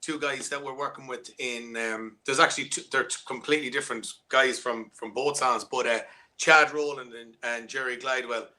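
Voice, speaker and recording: A male musician guest with an Irish accent talks casually in an interview over a video call. His mid-range voice holds a steady, bright, forceful tone at normal speed, and he rambles, restarting often and using lots of fillers.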